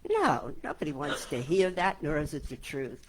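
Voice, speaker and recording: Calm, reflective woman minister. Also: sits low, moderate pace, slight background noise. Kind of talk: reflective sermon talk. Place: church sanctuary before a congregation.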